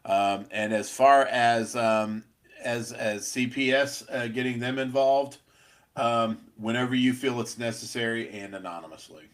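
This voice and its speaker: A middle-aged man co-hosting a pest control podcast, talking casually in a rambling, blunt, profane way with many halting restarts. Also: medium pitch, steady tone.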